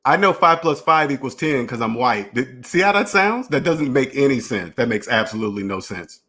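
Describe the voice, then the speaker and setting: A man's voice: mid-range voice, big pitch swings, brisk, pushed and bright. A man hosting a finance channel, talking in a rambling, repetitive solo monologue and acting out imagined dialogues. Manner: repetitive, restarts phrases, emphatic.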